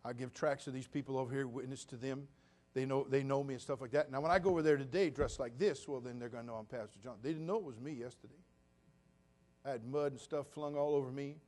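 A man, preaching a sermon as pastor to his church, moving from quiet confiding talk to loud, emphatic preaching. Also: medium pitch, steady tone, fast talker.

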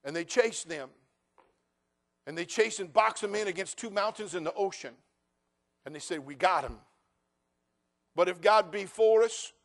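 An older male pastor with a notably high voice, telling homey stories with playful jabs at the crowd. He swings from quiet, easy banter to loud, emphatic preaching. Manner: folksy, joking asides, building to emphatic preaching. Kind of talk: sermon.

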